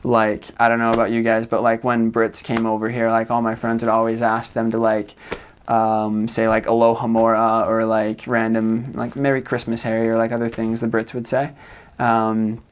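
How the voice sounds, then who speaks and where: A young man from the United States, chatting casually as a vlogger, with loose, rambling talk full of fillers and soft laughs. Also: fairly low pitch, monotone, moderate pace, a little hiss or hum. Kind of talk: casual chat.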